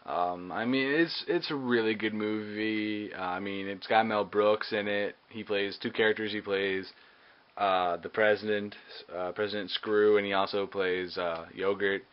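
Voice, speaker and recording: A man's voice: on the low side, steady tone, measured pace. A man giving a casual movie review, hesitant and full of ums and uhs. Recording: dull lo-fi recording with faint hiss.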